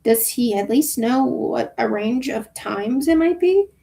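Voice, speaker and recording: A woman's voice: fairly high pitch, lively intonation, unhurried, gravelly, mellow. A woman reading the part of a wry, nerdy male scientist stranded in space, in her own voice. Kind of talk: reading a novel aloud.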